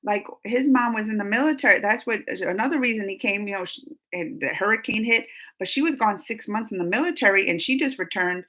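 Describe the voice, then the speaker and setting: A woman hosting a live-stream chat, reading viewer comments aloud and answering them in a lively, talkative way with frequent laughter. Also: mid-range voice, a little fast. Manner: animated and chatty, laughs often, gasps. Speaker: reaction channel host.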